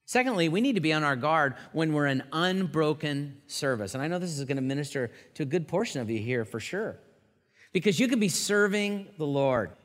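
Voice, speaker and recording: A male pastor preaching a sermon with animated storytelling, acting out the quotes. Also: a little high, fairly quick. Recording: long hall reverb.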